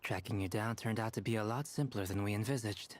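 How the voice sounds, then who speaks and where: Man voicing a calm dry game character. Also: on the low side, fairly quick, slight background noise, natural voice. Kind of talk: game voice acting.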